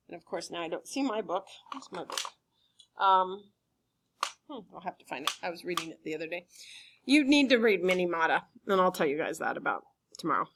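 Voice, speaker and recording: A woman teacher giving a relaxed classroom lecture, chatty and full of fillers. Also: on the low side.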